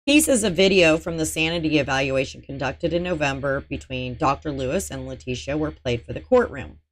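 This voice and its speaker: A woman's voice: low-pitched, fairly quick. A woman host narrating a murder trial recap, reading out testimony and adding dry, sarcastic asides. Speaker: true-crime channel host.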